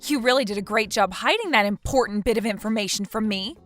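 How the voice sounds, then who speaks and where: A woman's voice: medium pitch, quick pace, fairly bright tone, faint music behind, natural voice. A woman voicing a betrayed wife who confronts her cheating friend, accusing and indignant. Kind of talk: text message story dialogue.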